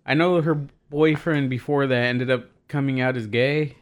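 A man's voice: medium pitch, fairly even intonation, normal speed, smooth. A man co-hosting a podcast, telling an anecdote in a rambling way with lots of fillers. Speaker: podcast co-host. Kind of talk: casual storytelling chat.

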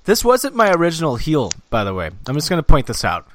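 A man's voice: on the high side, fast, a little hiss or hum. Crude, joking male podcast co-host. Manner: crude, joking, animated storyteller. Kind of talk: casual storytelling chat.

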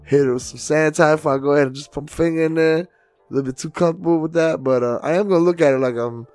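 A man co-hosting a podcast, telling loud, profane stories in a casual way and acting out other people's voices with big swings in pitch and volume. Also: racing, dry recording, faint music behind. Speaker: podcast co-host and DJ.

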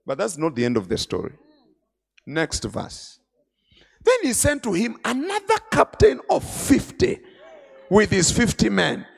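Preacher man, goes from hushed to yelling, raspy gravelly high voice, big swings. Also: wildly swooping pitch, unhurried, long pauses. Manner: dramatic, swings between quiet and shouting. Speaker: bishop preaching. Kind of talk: sermon. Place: large conference hall.

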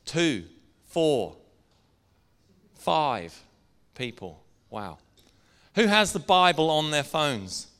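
A man's voice: a little high, sing-song, a bit bright, clean tone. Resonant-voiced man preaching in an echoing hall. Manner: earnest, slows to stress key words, asks the room questions. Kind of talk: sermon to a congregation. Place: church hall. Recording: echoey church hall.

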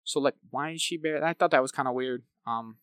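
A man's voice: mid-range voice, fast talker, a bit bright, clean tone, no room sound. A man co-hosting a podcast, chatting casually about films, rambling with lots of "like" and tag questions. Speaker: podcast co-host. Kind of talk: casual film review chat.

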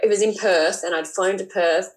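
A woman with a mid-pitched voice tells candid stories about her work in a relaxed, easygoing way. She speaks as a guest in a casual chat. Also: moderate pace, poor audio.

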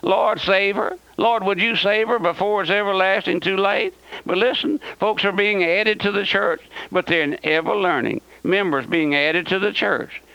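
Fiery high-voiced radio preacher. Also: male voice, moderate pace, creaky, sharp tone, no room sound. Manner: impassioned, repeats phrases, calls listeners "my friend". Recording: dull dry radio recording.

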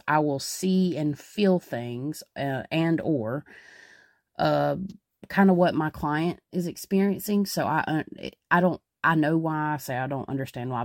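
A woman's voice: low voice, darkish tone, no echo, clean studio sound. A woman hosting a podcast, talking casually in a rambling way with many fillers and restarts. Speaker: podcast host.

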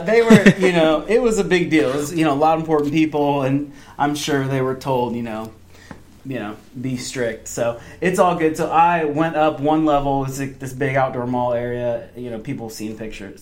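A young man telling an excited story on a podcast, acting out quotes in a higher voice. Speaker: fan event organizer. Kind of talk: casual podcast chat.

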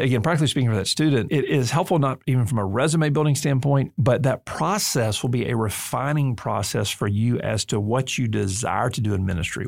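A man's voice: medium pitch, gravelly, no echo. A man hosting a podcast in a studio, talking in an emphatic, earnest way with touches of humor. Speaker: podcast host and seminary leader. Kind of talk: conversational podcast discussion.

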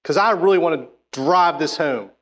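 A man with a slightly higher-than-usual voice preaches a sermon. He reads scripture aloud and presses his points with emphatic exhortation. He often restarts his phrases as he goes. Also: moderate pace, fairly bright tone.

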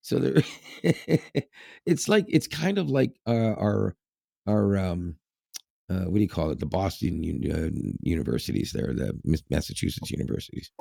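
A man with a very low, gravelly voice chats casually as a podcast co-host. He rambles, fills pauses with "uh" and "um", and laughs often. The sound is dry and close to the mic. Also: animated, warm tone, dry recording. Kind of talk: casual chat.

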